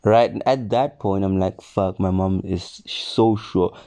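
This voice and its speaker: A man's voice: low voice, slow pace. A young man casually telling a personal story on his vlog, swearing and acting out the people in it. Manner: swearing, animated retelling with quoted voices. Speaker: storyteller vlogger.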